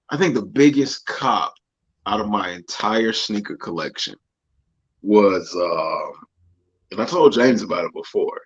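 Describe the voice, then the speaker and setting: A man co-hosting a livestream in casual chat, laid-back and quick to laugh. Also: on the low side, fairly bright tone, husky, muffled recording. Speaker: co-host.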